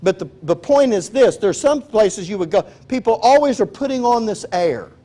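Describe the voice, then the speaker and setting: High-voiced folksy preacher man. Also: moderate pace. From Texas. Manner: folksy, animated, acts out quoted prayers. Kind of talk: conversational sermon.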